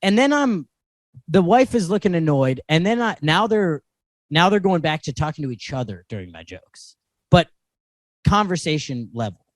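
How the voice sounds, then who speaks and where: Young male comedian podcast co-host; lively, quotes people in character, dry mic. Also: a little high, moderate pace, dry recording. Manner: animated, laughs often, acts out quotes. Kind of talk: casual chat, storytelling.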